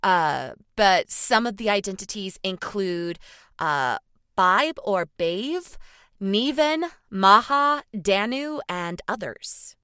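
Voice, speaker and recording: A young woman with a bright, mid-pitched voice explains myths on a casual podcast. She sounds nerdy and enthusiastic and fills pauses with "uh." The mic is close and dry. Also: clear, resonant tone, no echo. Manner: nerdy, enthusiastic, many "uh" fillers, laughs easily. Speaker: podcast co-host.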